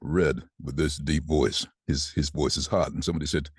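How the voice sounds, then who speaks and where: Man, sixties, extremely low voice, dry close sound, animated storyteller, interview guest. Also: normal speed, husky, dry recording. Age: 60s. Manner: chatty, animated anecdotes with laughs.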